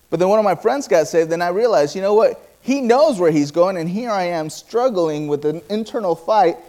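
A man with a notably high voice preaches a sermon to a congregation. He tells personal stories, acts out bits of dialogue, and often stops to restart a phrase. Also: animated, a little mellow. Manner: storytelling with quoted dialogue and halting restarts.

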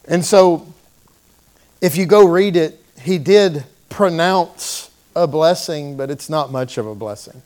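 Animated high-voiced preacher, slow sermon. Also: male voice. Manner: animated storytelling, acting out the voices of the people in the story. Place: church. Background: congregation calling out responses.

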